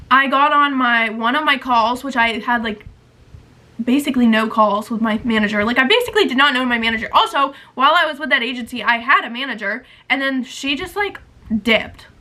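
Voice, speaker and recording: A woman's voice: high-pitched, bright, forceful tone, poor audio. A young woman in her twenties vlogging, chatting in a rambling, emotional, confessional way with lots of "like". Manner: rambling, heavy use of "like", emotional. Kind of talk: casual confessional chat.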